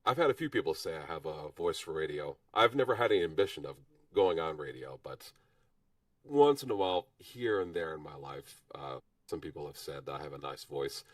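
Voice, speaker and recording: A man with a husky voice, hoarse from a cold, chatting modestly as a guest on a livestream and pausing often with fillers. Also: very deep voice, expressive, no echo, recorded from a distance. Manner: modest, halting with frequent fillers. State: hoarse from illness. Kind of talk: casual chat.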